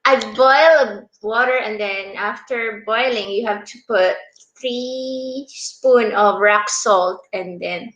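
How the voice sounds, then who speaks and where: A woman from the Philippines co-hosting a casual live stream, speaking softly and chiming in briefly with an occasional laugh. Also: on the high side, slow pace, echoey room, muffled recording. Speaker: co-host, the host's partner.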